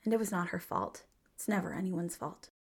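Playful woman podcast co-host, gravelly. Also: lowish voice, brisk. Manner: emphatic and playful, with big swings of feeling. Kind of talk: scripted podcast narration.

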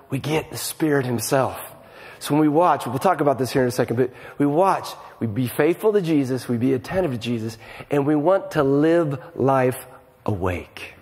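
A middle-aged man gives a conversational sermon with animated energy, often repeating words as he starts his sentences. His voice sits a little high for a man. It carries a long reverb from a large church hall. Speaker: pastor.

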